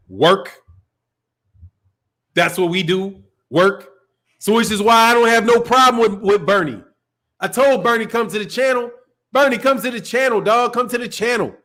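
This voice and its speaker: High-voiced Chicago man ranting casually. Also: normal speed, a bit bright. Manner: loose, profane, laughs often, rambling. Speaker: boxing channel host. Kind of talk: casual live-stream rant.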